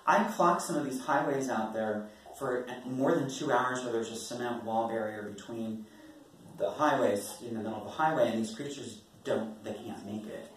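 A man's voice: mid-range voice, normal speed, slight background noise. A man, a poet, casually telling an audience about his writing in a rambling, wry way, laughing often. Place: performance venue. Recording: echoey room from far off.

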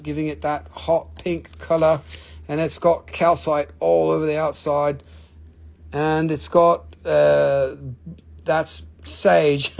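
Husky profane man selling rocks live. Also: on the high side, a little mellow. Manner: profane, rambling, joking. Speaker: live stream rock seller. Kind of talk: casual live sales stream.

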